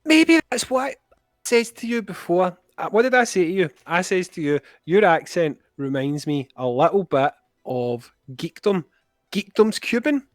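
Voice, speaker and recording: A young Scottish man talking as a podcast guest, with a fairly high voice. He is blunt and jokey and swears freely as he rants. The sound is dry and close, with no room around him. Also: very animated, normal speed, no room sound. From Scotland. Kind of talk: casual chat.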